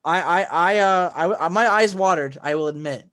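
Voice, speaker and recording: A fairly high-voiced man chatting on a podcast, retelling a story with rising excitement. He rambles, stumbles and restarts often, full of "um" and "like". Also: moderate pace. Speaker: podcast co-host. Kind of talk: casual chat recapping a film.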